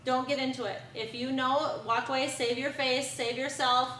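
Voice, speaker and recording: A woman's voice: sits high, little pitch movement, moderate pace, pushed and bright, a little hiss or hum. A middle-aged woman giving a community presentation to parents, earnest and repetitive with frequent ums. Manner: earnest, repeats key advice, many ums. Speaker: presenter on bully prevention. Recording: echoey room from far off.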